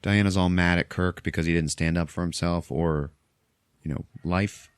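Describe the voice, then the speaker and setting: A man's voice: low-pitched, fairly even intonation, normal speed, smooth, no echo. A man hosting a podcast, recapping a film in a chatty, laughing way and acting out the lines. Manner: chatty, laughs often, swears casually, acts out quotes. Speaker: podcast host. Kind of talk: casual movie recap.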